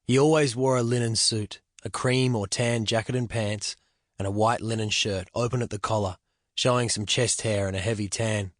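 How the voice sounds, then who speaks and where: A man reading a literary novel aloud in the first person, reflective and measured, at a close studio microphone. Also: on the low side, steady tone, no room sound. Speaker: audiobook narrator.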